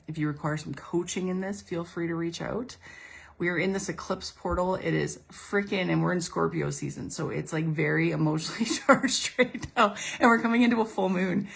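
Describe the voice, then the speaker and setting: This spiritual coach speaks in a gravelly, husky, somewhat low voice. Her motivational monologue is casual and earnest, full of restarts, repetition, and imagined speech she voices aloud as inner dialogue.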